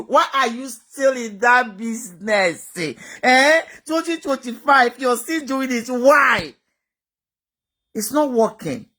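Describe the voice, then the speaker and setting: A woman's voice: on the high side, fairly bright tone. A woman giving a motivational talk, emphatic and repetitive, full of rhetorical questions. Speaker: motivational speaker.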